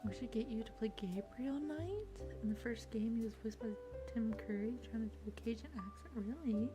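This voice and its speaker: A woman with an American accent, chatting with viewers in an ASMR stream, soft-spoken and partly whispered. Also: a little high, normal speed. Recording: music playing behind.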